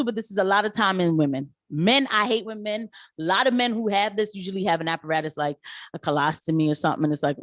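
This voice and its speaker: A woman talking straight to her viewers about her work as a nurse, in a casual, animated way. She tells her stories with quick put-on voices for the people she quotes. The sound is close and dry, with no room echo. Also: mid-range voice. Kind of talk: casual commentary vlog.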